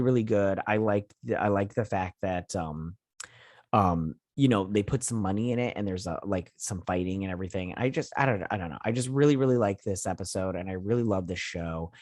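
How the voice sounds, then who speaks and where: A man with a lowish voice rambles through an episode recap, piling up fillers and acting out quoted lines as he goes. The sound is dry and close, with no room around it. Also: a little mellow, no echo. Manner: rambling, filler-heavy retelling with quoted lines and mild cursing. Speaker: host of a TV review channel. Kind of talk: casual episode recap and review.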